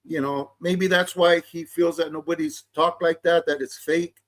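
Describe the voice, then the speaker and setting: A man's voice: a little high, fairly even intonation, moderate pace. Laid-back man. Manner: laid-back street talk, heavy slang, frequent restarts. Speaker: vlogger reacting to a clip. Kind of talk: casual commentary.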